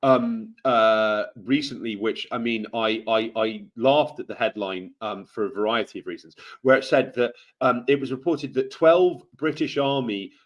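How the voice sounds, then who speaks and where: A man talks through a political podcast in a halting, casual way. He stops often with fillers and restarts his sentences. His voice sits at a middling pitch. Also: dull audio. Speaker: podcast co-host.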